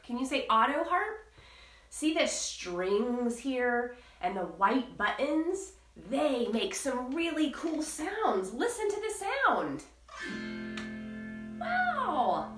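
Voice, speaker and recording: A woman's voice: high voice, fairly bright tone, distant mic. A woman music teacher leading a live online lesson for young children, enthusiastic and sing-song. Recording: roomy echo with faint guitar.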